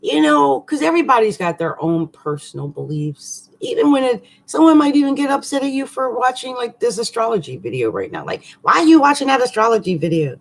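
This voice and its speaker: A woman astrologer talking casually through a monthly forecast, chatty and animated, with slangy asides and frequent laughs. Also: on the high side, a little fast, vocal fry, hardly any pauses.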